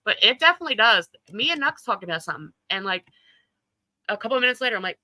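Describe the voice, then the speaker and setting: A woman's voice: mid-range voice, sing-song, racing, sharp tone, dry recording, rough recording. A woman hosting a casual livestream chat, talking loosely, laughing often and swearing freely. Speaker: livestream host.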